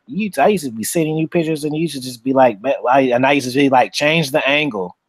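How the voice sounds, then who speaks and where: A man's voice: mid-range voice, fast talker, a little mellow, no room sound. A man co-hosting a casual, uncensored chat, talking in a boastful, profane, slick storytelling way. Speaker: podcast co-host.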